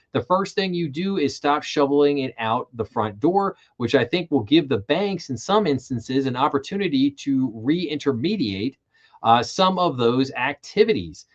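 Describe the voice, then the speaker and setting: A man hosting a weekly banking stream, reading news items and then chatting about them in a loose, filler-heavy way. His voice sits at an ordinary middle pitch. The stream audio sounds a little dull and lo-fi. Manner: casual, reads headlines then riffs with fillers. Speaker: show host. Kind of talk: livestream financial news commentary.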